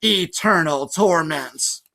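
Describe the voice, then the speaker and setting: A man reading a storybook aloud, voicing a vengeful female Fury with a Southern accent in a slow, menacing, half-whispered way. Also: a little high, sharp tone. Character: hissing monstrous female Fury, vengeful teacher.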